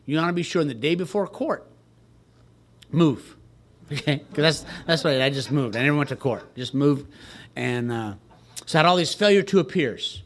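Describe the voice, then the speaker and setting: An older man from Texas, USA, speaking at a retreat, tells a group his personal recovery story as a wry, joking storyteller who laughs at himself. His voice is a little high and expressive, at a normal speed.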